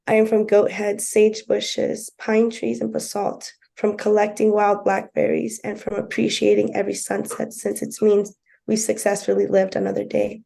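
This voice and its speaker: A woman co-hosting a podcast who reads her own poem aloud slowly and deliberately. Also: medium pitch, vocal fry, warm tone. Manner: slow, deliberate poetry reading. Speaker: podcast co-host.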